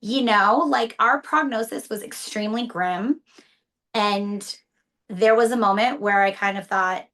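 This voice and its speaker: Bright-voiced candid woman. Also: medium pitch, unhurried. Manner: candid, tearful at times, many restarts. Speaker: stroke survivor's partner, guest. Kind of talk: emotional interview conversation.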